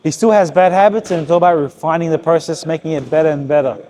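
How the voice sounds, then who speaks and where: A man works as a boxing coach in a gym. His voice sits high for a man, and he keeps firing brisk, repeated cues to his fighter. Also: dark tone, a little hiss or hum. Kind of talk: hands-on coaching session. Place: boxing gym with heavy bag.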